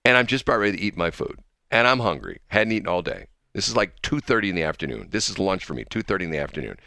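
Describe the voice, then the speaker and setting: A man's voice: sits low, very animated, very fast, vocal fry, pushed and bright, no room sound, studio quality. A man hosting a radio talk show, telling a rambling story with chuckles and self-deprecating asides. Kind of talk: casual storytelling chat.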